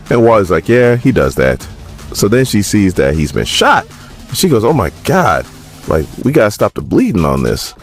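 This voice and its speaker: A man casually recapping a comic book, quoting the characters in quick little voices as he goes. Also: lowish voice, wildly swooping pitch, soft background music.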